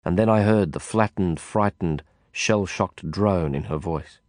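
A man reading a first-person audiobook narration in a measured, reflective way. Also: low-pitched, darkish tone, no room sound.

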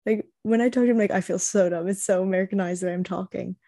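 A woman's voice: medium pitch, steady tone, fast, dark tone, no echo, clean studio sound. A woman in casual chat with fellow tabletop game players, hesitant and full of fillers. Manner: hesitant, many "like" fillers and restarts.

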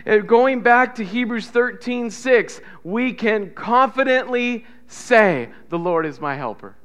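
A man preaching a sermon as pastor, swinging between loud emphatic repetition and soft hushed lines, and leading the congregation in call-and-response. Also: very high voice, lively intonation, slow pace, smooth. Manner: builds to loud emphatic repetition, drops to soft near-whispers.

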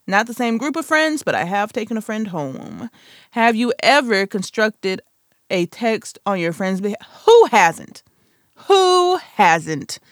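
On her solo podcast, this twenty-something host keeps things casual and playful, poking fun at herself along the way. Her voice sits on the high side with a fairly bright tone, captured in studio quality with no room sound.

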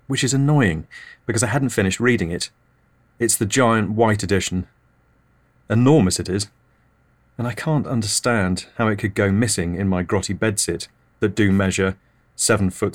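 A man hosting a podcast, delivering a deadpan, absurd comic monologue. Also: on the low side, normal speed. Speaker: podcast host.

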